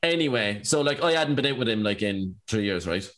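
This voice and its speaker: A man's voice: lowish voice, expressive, a little fast, fairly bright tone. Chatty young Irish man telling stories. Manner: rambling, filler-heavy anecdotes with lots of "like". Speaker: podcast guest. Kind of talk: casual storytelling chat.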